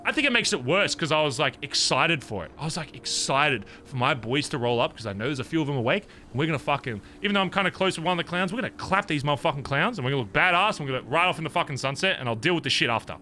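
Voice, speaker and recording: A man's voice: a little high, lively intonation, racing, hardly any pauses, sharp tone, slight background noise. A man staying in character during a roleplay conversation, venting in a heated, profane retelling. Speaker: streamer in character.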